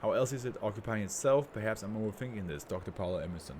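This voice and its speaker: A man reads an eerie document aloud in a relaxed, informal way. His voice sits a bit low, and he stumbles and restarts now and then. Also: quick pace, slight background noise. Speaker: reader of horror fiction. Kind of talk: casual reading aloud.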